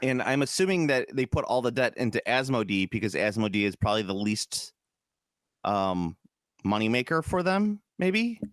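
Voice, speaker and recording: A man's voice: medium pitch, very animated, normal speed, no echo, studio quality. A man from Chicago co-hosting a podcast in casual chat, rambling and joking, swearing freely. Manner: rambling, jokey, swears freely, slips into mock voices. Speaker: podcast co-host.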